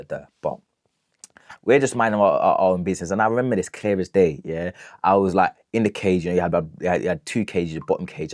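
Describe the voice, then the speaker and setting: A man's voice: deep voice, darkish tone, no echo, clean studio sound. A young man telling a storytime rant, emphatic, checking in with "yeah?" after nearly every phrase. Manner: emphatic, keeps asking "yeah?". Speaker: vlogger.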